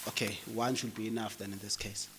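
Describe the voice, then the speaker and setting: A man with a South African English accent chairing an academic session with a hoarse voice, joking easily with the audience. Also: lowish voice, flat delivery, fairly quick, fairly bright tone, slight background noise. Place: university lecture hall.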